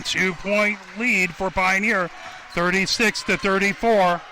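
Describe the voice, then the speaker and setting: Calling basketball on the radio, this high-voiced man keeps a fast, continuous play-by-play, naming each pass as it happens, and his volume rises whenever points go up.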